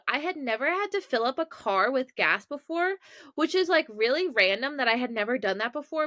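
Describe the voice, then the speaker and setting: A woman's voice: fairly high pitch, bright, forceful tone, dry recording, clean studio sound. A young woman from Maryland, hosting a podcast and telling a story in a chatty, self-mocking way with lots of asides. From Maryland, USA. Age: young adult. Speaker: podcast host. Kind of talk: casual storytelling.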